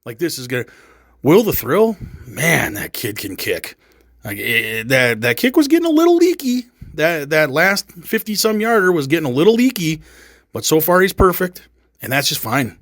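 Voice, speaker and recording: A man hosting a casual sports chat, talking in a rambling, excitable, jokey way. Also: on the high side, normal speed, no echo, studio quality. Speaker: sports podcast host.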